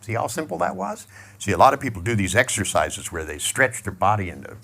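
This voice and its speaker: A man's voice: lowish voice, sing-song, brisk, creaky, fairly bright tone. A middle-aged man giving a humorous motivational talk to a live audience, joking and acting out little scenes as he tells stories. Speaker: seminar speaker.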